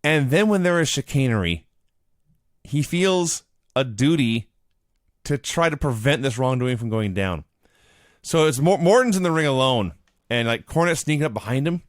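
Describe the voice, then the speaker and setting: A man co-hosting a casual chat, retelling events with big swings in pitch. He jumps into loud shouted quotes mid-story. The sound is dry and close. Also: animated, normal speed, no echo. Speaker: podcast co-host. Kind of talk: casual chat recapping old wrestling.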